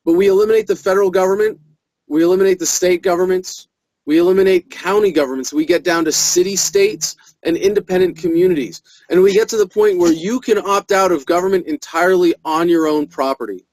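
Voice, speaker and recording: A man being interviewed as a political activist, earnest and sure of his case. His voice sits fairly high, and the recording is dry and close with no room sound. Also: brisk, a little mellow, dry recording, poor audio.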